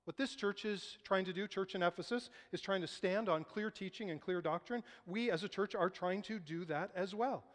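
A man's voice: high-pitched, moderate pace, few pauses, a bit bright. A man preaching a sermon as pastor, talking conversationally with rhetorical questions. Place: church sanctuary. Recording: long hall reverb.

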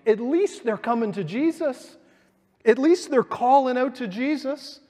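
High-voiced preacher guy, church sanctuary with long echo, chatty sermon, does little voices for quotes. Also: lively intonation, a little slow, mellow. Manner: reads scripture then explains it conversationally, acting out quotes. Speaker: pastor.

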